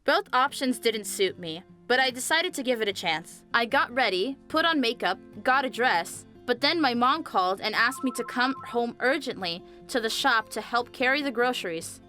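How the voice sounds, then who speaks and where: A young woman narrating a scripted animated story, chatty and speaking straight to viewers. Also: on the high side, moderate pace, hardly any pauses. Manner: chatty, addresses viewers directly. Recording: faint music behind the voice.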